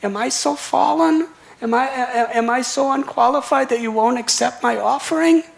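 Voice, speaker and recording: A man's voice: sits high, wildly swooping pitch, normal speed, gravelly, voice pushed up, heavily acted. A man voicing a crying five-year-old boy, stammering as he pleads in tears. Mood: tearful pleading. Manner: breathless, stammering pleas. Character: little boy, about five, weeping and pleading.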